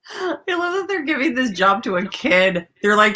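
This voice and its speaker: A young woman hosting a casual movie watchalong who swears freely, laughs often and reacts loudly to the film. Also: on the high side, big pitch swings, a little slow.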